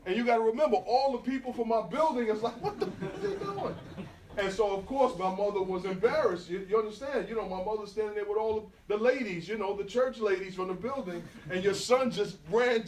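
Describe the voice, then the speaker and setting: At an indoor event venue, a middle-aged New York graffiti artist with a high voice spins animated, slangy stories and speaks right to the crowd. The roomy, faraway recording came from a smartphone in the audience and has slight background noise.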